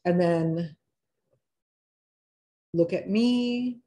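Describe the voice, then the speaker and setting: A woman's voice: fairly low pitch, dark tone. Chatty woman leading a wellness workshop. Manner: chatty, encouraging, slows down to guide steps. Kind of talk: live online workshop, guiding exercises.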